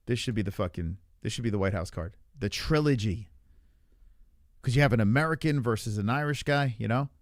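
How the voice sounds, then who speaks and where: A man's voice: medium pitch, fairly quick, dry recording, clean studio sound. A young man streaming live, ranting loosely about fights with lots of swearing and reacting to chat. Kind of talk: livestream fight talk.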